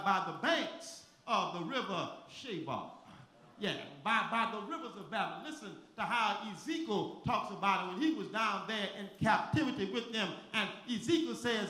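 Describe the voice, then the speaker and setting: High bright-voiced preacher, echoey church. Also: male voice, lively intonation, normal speed. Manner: stammering repetitions, rising into shouted chanted cadence. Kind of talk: sermon building to whooping climax. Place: church sanctuary with congregation.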